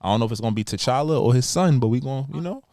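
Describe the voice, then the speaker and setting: Animated young man, lively pitch. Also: rapid-fire, dry recording, studio quality. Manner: animated, laughing, jumps high in pitch when excited. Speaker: podcast host. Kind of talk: casual podcast chat.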